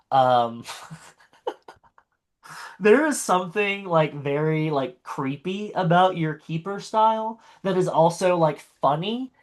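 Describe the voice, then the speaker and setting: A man chatting casually as a tabletop game player, rambling through compliments with lots of fillers and restarts. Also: on the high side. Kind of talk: casual post-game feedback chat.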